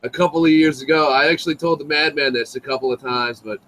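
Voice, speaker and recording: Young guy, kinda high voice, swearing and slinging greaser slang, animated storyteller. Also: quick pace, low-quality recording. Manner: profane, slangy greaser talk. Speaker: live stream guest. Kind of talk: casual storytelling chat.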